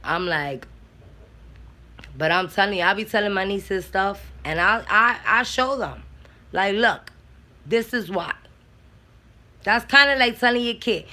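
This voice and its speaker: A woman from the Bronx, a mother and aunt talking bluntly about parenting, profane and animated. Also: mid-range voice, unhurried, pauses often. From the Bronx, New York. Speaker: mother and aunt sharing opinions. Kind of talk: casual talk.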